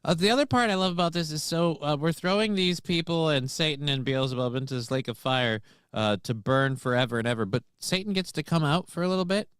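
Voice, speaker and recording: A man's voice: on the high side, fairly quick, few pauses, a bit bright, smooth, no room sound. A man co-hosting a morning talk show, questioning and playing along with comic banter. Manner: questioning, plays straight man to the jokes. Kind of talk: irreverent comedic podcast banter.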